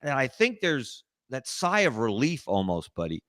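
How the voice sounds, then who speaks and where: A man speaking as a guest in a casual sports talk discussion, laying out his points in measured, analytical lists. His voice sits at an ordinary middle pitch. The call sound is dry and close, with no room echo. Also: huge pitch swings, a bit bright.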